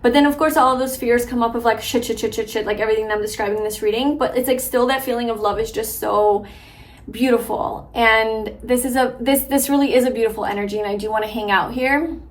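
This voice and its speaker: A woman's voice: a little high, fairly even intonation, quick pace. A young woman giving a casual tarot reading to a viewer, chatty and full of filler words. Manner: chatty, warm-hearted, lots of filler likes and ums. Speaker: tarot reader.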